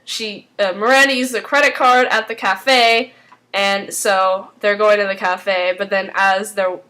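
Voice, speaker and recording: A woman's voice: mid-range voice, fairly even intonation, a little slow, pushed and bright. A woman casually recapping a TV episode, rambling with lots of fillers. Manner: rambling, full of "like" and "um". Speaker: TV recap vlogger.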